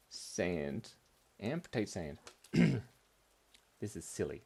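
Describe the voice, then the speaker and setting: A man leads a live drawing class for children, chattering as he sketches and playing with silly words. His pitch leaps up and down all over the place, while his pace stays slow and unhurried. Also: lively intonation, gravelly, darkish tone. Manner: playful, goofy wordplay, talking while drawing.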